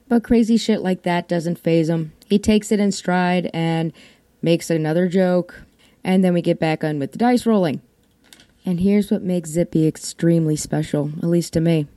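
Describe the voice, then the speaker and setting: Woman, podcast host, casual storyteller; irreverent, cusses, low mellow voice. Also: no room sound. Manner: wry, irreverent, swears freely.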